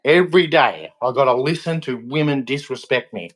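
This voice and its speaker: A man's voice: medium pitch, animated, normal speed, a bit bright. An angry young Australian man in a heated, repetitive rant aimed at a politician. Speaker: vlogger.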